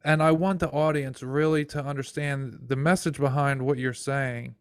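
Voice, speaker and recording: A man's voice: mid-range voice, little pitch movement, moderate pace, smooth, no room sound, studio quality. A man hosting a podcast interview, speaking earnestly with a preacher-like emphasis. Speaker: podcast host. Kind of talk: casual interview chat.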